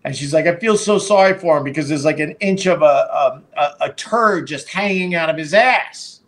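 A man's voice: a little high, moderate pace. A middle-aged man hosting a live stream, telling a story casually with a rambling, profane delivery full of fillers and restarts. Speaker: podcast and live stream host.

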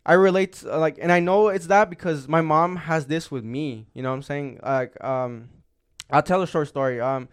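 A man's voice: on the high side, normal speed, clean tone. A young man co-hosting a podcast, telling a long story in casual chat, rambling and swearing with lots of filler words. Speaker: podcast co-host.

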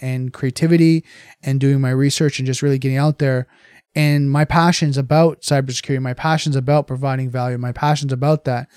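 An earnest man talks casually to his viewers about handling criticism, circling back and restarting phrases as he goes. His voice sits at a mid pitch and is recorded close and dry, with no room sound. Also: a little mellow, clear, resonant tone, no echo. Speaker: cybersecurity content creator. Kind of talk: casual motivational talk to camera.

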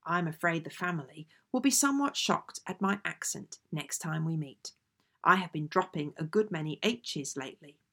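A woman reading aloud old family letters in a measured, genteel way. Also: low voice, animated, a bit bright. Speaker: audiobook reader.

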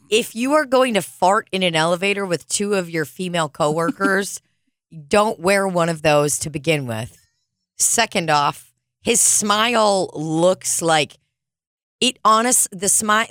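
A woman's voice: lowish voice, fairly bright tone, no room sound, studio quality. A woman co-hosting a casual chat, crude and laughing often, acting out silly voices mid-story.

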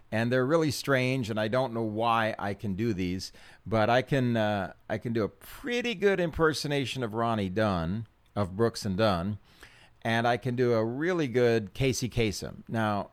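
A man's voice: medium pitch, dry recording. A middle-aged man hosting his own podcast in a chatty, self-deprecating way, with ums and small laughs. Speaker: podcast host. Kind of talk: casual solo podcast talk.

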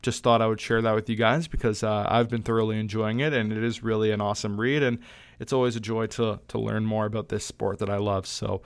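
A man's voice: on the low side, level tone, brisk, clean tone, soft background music. A young man hosting a solo podcast, talking casually and rambling with plenty of fillers and restarts. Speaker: podcast host.

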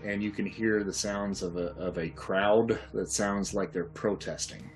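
Deep-voiced guy running a tabletop game, rambly, lots of ums. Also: a little slow. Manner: rambling, hesitant with many fillers. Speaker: game master.

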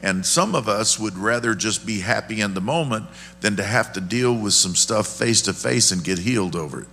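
Male pastor, low gravelly voice, folksy sermon style, faint music behind. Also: expressive, moderate pace, pushed and bright, a little hiss or hum. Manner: folksy, asks the congregation questions. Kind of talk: conversational sermon.

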